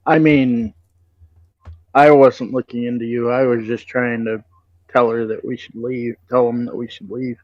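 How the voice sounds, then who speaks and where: A man's voice: mid-range voice, flat delivery, measured pace. A man playing a tabletop game, arguing rules and joking in casual chat. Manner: argumentative and joking. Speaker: player. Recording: dull dry lo-fi mic.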